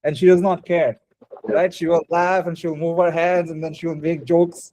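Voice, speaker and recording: Fast-talking man teaching. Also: sits high, fairly even intonation, mellow, no echo, low-quality recording. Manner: rapid mix of English and Bengali, frequent restarts. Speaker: spoken English teacher. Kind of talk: live online class feedback.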